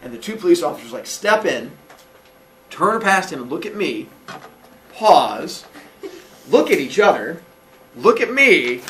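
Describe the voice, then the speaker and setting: A man in his forties telling a childhood story casually, animated and laughing often, acting out quotes in a high voice. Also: unhurried, long pauses, far from the mic, slight background noise. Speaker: podcast host.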